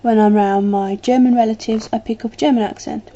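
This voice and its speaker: A woman's voice: on the high side, steady tone, fast talker, dark tone. Rambling British woman on a dull webcam. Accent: British English. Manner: rambling, chatty, lots of ums. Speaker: vlogger. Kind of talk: casual chat to camera.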